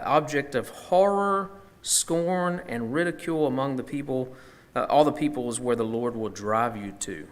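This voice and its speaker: A man's voice: mid-range voice, a bit bright. Guy teaching a bible study, chatty, lots of um and restarts, mid voice. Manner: conversational, thinking aloud with fillers and restarts.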